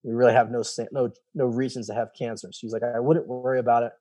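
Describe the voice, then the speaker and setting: A man's voice: medium pitch, flat delivery, quick pace, warm tone, dry recording. A young man casually recounting his own story, rambling and retelling what others said to him. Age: young adult. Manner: loose, rambling, retells dialogue with "he's like". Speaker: guest telling his story.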